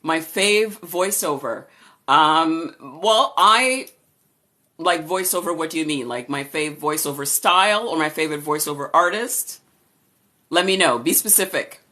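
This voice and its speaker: A woman voice-over artist with a low voice, casually chatting on a live stream and greeting viewers by name as she answers their questions. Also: a little slow, bright, forceful tone. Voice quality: low-registering voice. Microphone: camera or phone for a live stream.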